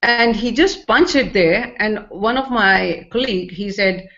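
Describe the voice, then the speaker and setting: A woman with a medium-pitched, slightly bright voice gives earnest, emotional testimony about a personal experience, speaking a little slowly but animatedly. Her English phrasing is non-native. The recording is dull and lo-fi.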